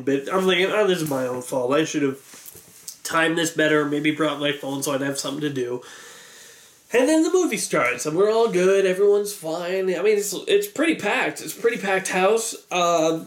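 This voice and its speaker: A man vlogger telling an animated, exasperated story, acting out a crowd yelling. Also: on the high side. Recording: echoey room.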